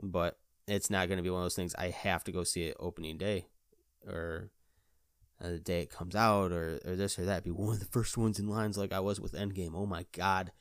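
A man hosting his own podcast, chatting alone in an excitable, rambling way full of "like". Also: low voice, a little fast, smooth, dry recording, studio quality. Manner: excitable, rambling, fills talk with "like". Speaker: podcast host. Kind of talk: casual solo chat.

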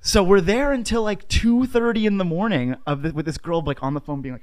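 A man's voice: high voice, fairly quick, few pauses. A man hosting a podcast, telling a long story in casual chat, rambling and filling nearly every phrase with "like". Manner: animated anecdote telling. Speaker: podcast host.

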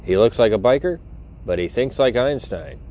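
A man's voice: mid-range voice, lively intonation, moderate pace, darkish tone, slight background noise. A middle-aged man chatting casually to his viewers from a car, rambling, joking and swearing with self-mocking humor. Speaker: vlogger.

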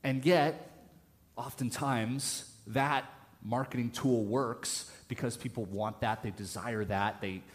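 A man's voice: mid-range voice, fairly even intonation, takes it slowly. A man preaching a conversational sermon in church, telling a story casually with many restarts. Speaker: pastor.

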